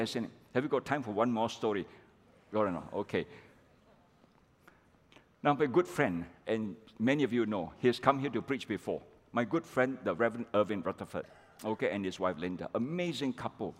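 A middle-aged man delivers a sermon in a lively, storytelling way, constantly checking in with his listeners. His voice sits at an ordinary middle pitch. The recording carries the long reverb of a large church hall. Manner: animated, repeats "okay" and "all right" to the congregation. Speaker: pastor.

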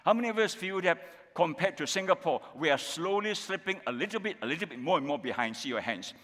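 Preaching fast, a Malaysian English-accented pastor gives an expressive sermon and keeps checking with his congregation through rhetorical questions asked again and again. His voice is a little high and somewhat bright, and the church hall adds long reverb.

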